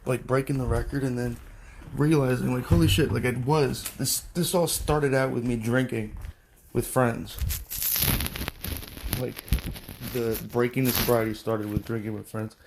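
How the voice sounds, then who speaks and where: A young man rambling casually on his own vlog, thinking out loud and swearing freely as he talks outdoors into a phone. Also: mid-range voice, fairly even intonation, unhurried, noisy background. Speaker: podcast host, delivery driver. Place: outdoors at home.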